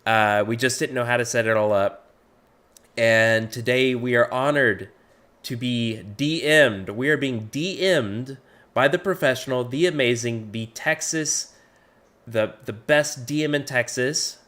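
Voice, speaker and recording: A man's voice: medium pitch, unhurried, fairly bright tone. Goofy playful man hosting a stream. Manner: playful, goofy, laughing a lot. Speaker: host. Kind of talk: casual chat hosting a livestream.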